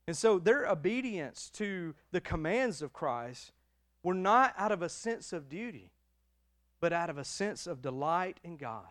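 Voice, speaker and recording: A middle-aged pastor with a slightly high voice preaches a sermon full of emotion and emphasis. He swings between loud declarations and hushed passages.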